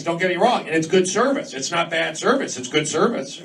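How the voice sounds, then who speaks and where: American guy rambling through a stand-up set, talks right at the crowd, picked up far off, loud noisy club. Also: on the high side, animated, a little fast. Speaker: stand-up comedian. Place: comedy club stage. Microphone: handheld mic, recorded from a distance. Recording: distant, very noisy live club recording. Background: audience laughter.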